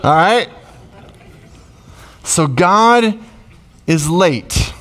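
A middle-aged man preaching a sermon as pastor, conversational and emotional, with sudden loud rises. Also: on the high side, sing-song, slow, long pauses.

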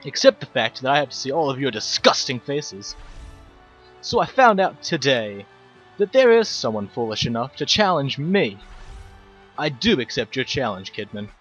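A man's voice: medium pitch, big pitch swings, moderate pace, fairly bright tone, husky, faint music behind. A young man reading as a haughty sneering wrestler. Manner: read plainly without an accent. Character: haughty middle-aged male British wrestler, sneering.

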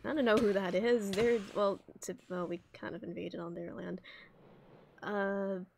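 A woman's voice: medium pitch, steady tone, measured pace, gravelly, a little mellow, slight background noise. A woman roleplaying her character on a game stream, flustered and self-mocking, often dropping into whispered asides.

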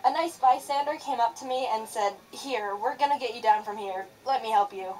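A young woman animator telling a childhood story in a sarcastic, expressive narration. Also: on the high side, distant mic, slight background noise, low-quality recording.

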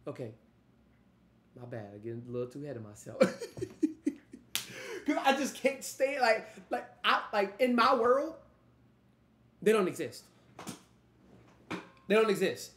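Dude reacting to a track, kinda high voice, echoey room, rambly and cussing. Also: male voice, normal speed, pauses often. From Louisiana. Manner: animated, loose and profane, trails off and restarts. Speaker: music reaction host. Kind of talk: casual reaction commentary.

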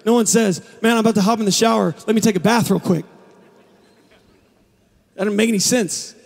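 A man preaching a sermon as pastor, building from quiet, low passages to passionate, shouted climaxes. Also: brisk, vocal fry. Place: large church hall. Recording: long hall reverb.

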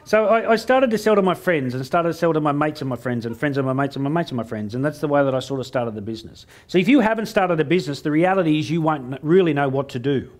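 In a keynote before a live audience, a middle-aged Australian motivational speaker spins cheeky stories, acting out both sides of his exchanges with a jokey, punchline-driven rhythm. He sounds a little high and animated, talking fast with few pauses.

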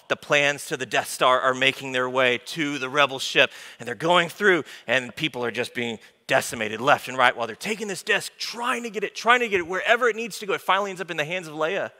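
Bright-voiced male pastor in an echoing church. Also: medium pitch, fast talker, hardly any pauses. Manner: informal and animated, with joking asides to the congregation. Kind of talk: conversational sermon. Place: church sanctuary. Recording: long hall reverb from a church room.

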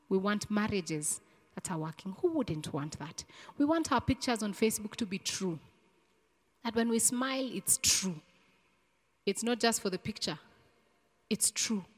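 A woman preacher from Kenya giving a sermon on marriage and leading prayer, earnest and repeating key phrases, building to fervent prayer. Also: mid-range voice. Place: church. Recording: long reverb in a church hall.

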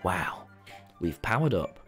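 A man's voice: low-pitched, sing-song, slow pace, a bit bright, soft background music. A young British man streaming a video game, joking and rambling to his chat. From Britain. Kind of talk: casual gaming livestream.

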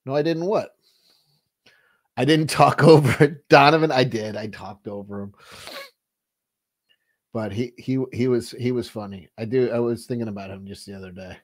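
A man's voice: medium pitch, normal speed, long pauses. Rambling, foul-mouthed male stream host. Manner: rambling, profane, frequent restarts. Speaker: livestream host. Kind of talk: casual livestream chat.

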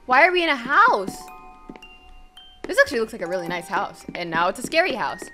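A young woman filming herself playing a horror game, excitable, screaming and repeating her exclamations. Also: on the high side, fairly quick. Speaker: gaming YouTuber. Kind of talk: horror game let's play. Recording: loud game music behind.

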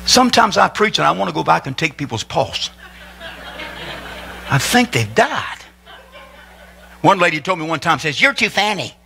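Animated, bright-voiced joking pastor. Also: male voice, fairly high pitch, moderate pace, creaky, pauses often, slight background noise. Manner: animated, joking, builds to excited shouting. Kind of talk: humorous sermon. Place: church sanctuary.

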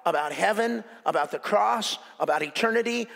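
A male pastor preaching a sermon in an animated, joking way, repeating phrases for emphasis. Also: high voice, normal speed, creaky. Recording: echoey hall reverb.

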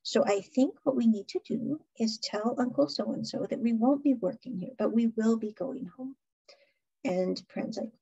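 A woman podcast host, chatty and animated, recapping a television drama in a casual way. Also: fairly high pitch, measured pace, slightly rough. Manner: chatty, animated retelling with laughs. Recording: dull lo-fi recording.

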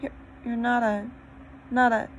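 A woman's voice: fairly high pitch, flat delivery, unhurried, lo-fi sound, slight background noise, voice pushed up, close to an everyday voice. Woman doing an anxious, shaky older girl.

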